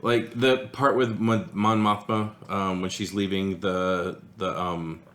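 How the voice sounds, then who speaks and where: A man's voice: lowish voice, level tone, takes it slowly, fairly bright tone, reverberant. A man co-hosting a casual chat show, joking and acting out quotes in silly voices. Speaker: podcast co-host.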